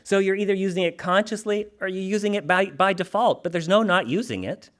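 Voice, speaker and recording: A man giving an animated, humorous, conversational spiritual talk to a congregation. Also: high voice, fairly quick. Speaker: spiritual teacher.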